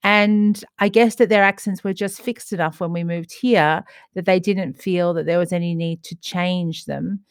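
Middle-aged woman, podcast co-host, chatty and reflective, lowish voice, dry close sound. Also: fairly even intonation, moderate pace, hardly any pauses, clear, resonant tone, no echo. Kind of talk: casual chat.

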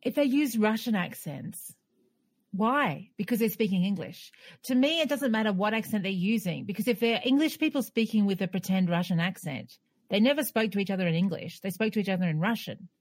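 A woman's voice: medium pitch, animated, fairly quick, no room sound. A woman co-hosting a podcast who argues her opinion firmly in casual chat, laughing along the way.

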